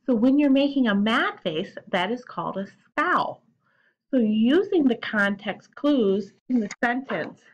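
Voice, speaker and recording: Slow, patient woman teacher explaining. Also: mid-range voice, highs cut off. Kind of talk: recorded classroom lesson for children.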